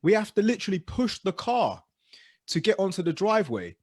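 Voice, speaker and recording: Animated man telling stories. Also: a little fast, dry recording, clean studio sound. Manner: animated storyteller, drops low and quiet for asides. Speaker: podcast co-host. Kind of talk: casual storytelling chat.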